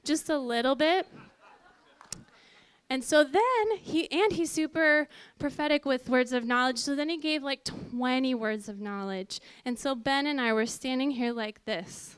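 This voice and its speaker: A woman telling a personal testimony to an audience in a lively storytelling way, acting out what people said. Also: normal speed, smooth, no room sound. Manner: lively, acts out quoted voices with big pitch jumps. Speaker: speaker giving a personal testimony.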